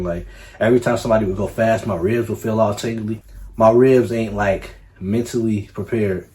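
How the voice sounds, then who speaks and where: A young man telling a story on his vlog in a casual, profane, animated way, full of slang. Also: on the low side, a little fast. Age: young adult. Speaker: YouTuber.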